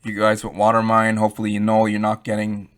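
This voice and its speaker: A man's voice: lowish voice, monotone, quick pace. A man giving rambling, emphatic, unscripted commentary, addressing viewers directly. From Canada. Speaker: YouTube crypto commentator.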